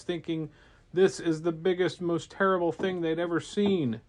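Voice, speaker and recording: A man, a parent, telling an improvised bedtime story to a child in a gentle, playful way. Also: on the high side, fairly even intonation, normal speed.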